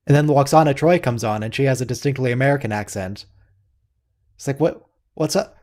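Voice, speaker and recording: A man's voice: mid-range voice, fairly quick, darkish tone. A man in casual group chat, retelling an anecdote and acting out the quotes. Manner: chatty storyteller, acts out quotes. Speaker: watch-along co-host.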